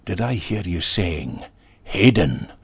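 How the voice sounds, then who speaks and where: A man's voice: mid-range voice, animated, normal speed, a little mellow, slightly rough, no echo, pitched above the performer's own voice. A man voicing a pompous, stern male language advisor, declaiming and correcting pronunciation. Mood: scolding. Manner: rousing, declamatory, pedantic.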